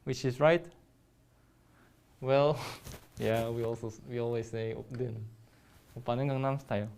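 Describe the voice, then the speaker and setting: A young adult teacher speaks English in a recorded grammar lesson. The delivery is halting and full of pauses. The teacher keeps putting quiz questions to the viewer at an everyday, middle pitch. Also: steady tone, darkish tone. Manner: hesitant, many pauses, quizzing the viewer. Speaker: Korean language teacher.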